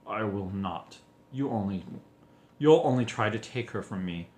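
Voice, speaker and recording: A man voicing a possessive, besotted male professor who speaks in a low voice. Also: animated, measured pace, a little mellow, echoey room.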